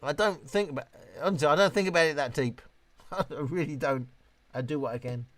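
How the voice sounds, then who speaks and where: A chatty British man in his fifties with a slightly high voice talks fairly quickly, and there's no room sound. He's a tipsy live streamer reading viewers' comments aloud in a casual, rambling way, swearing freely.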